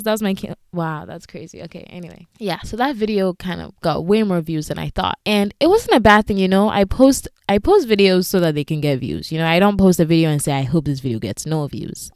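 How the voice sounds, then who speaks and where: A woman's voice: on the low side, fairly quick, few pauses, clear, resonant tone, no room sound, studio quality. A young woman chatting casually on her solo podcast, telling stories with lots of asides. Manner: chatty, animated storytelling with frequent asides. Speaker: podcast host.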